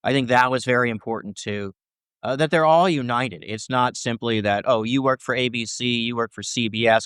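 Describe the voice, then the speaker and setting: The clean studio recording has no room sound, and the guest's mid-range voice comes through fairly bright and clean. He's a First Amendment scholar responding to interview questions with long explanations, checking in with "right?" along the way.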